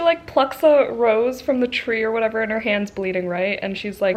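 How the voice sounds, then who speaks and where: Chatty, giggly woman book vlogger. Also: mid-range voice. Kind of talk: casual vlog chat. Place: indoors at a friend's home.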